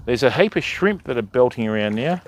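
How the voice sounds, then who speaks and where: A man's voice: medium pitch, animated, brisk, slight background noise. An older Australian man hosting a fishing livestream from a river at night, chatting casually to his viewers and calling them mate and bud. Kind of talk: casual live-stream commentary. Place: outdoors by a river at night, wading in the water.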